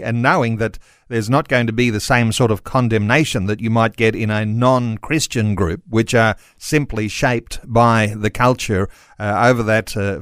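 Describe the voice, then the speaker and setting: A man hosting a live radio interview, speaking in a measured way with frequent pauses. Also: on the low side, fairly bright tone, clear, resonant tone, no echo, studio quality. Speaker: radio host.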